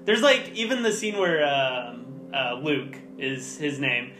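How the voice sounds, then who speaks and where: A man's voice: medium pitch, big pitch swings, takes it slowly, pushed and bright. A man chatting casually on a podcast, enthusiastically rambling about a film and laughing often. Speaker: podcast co-host. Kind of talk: casual movie review chat. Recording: echoey room with faint music.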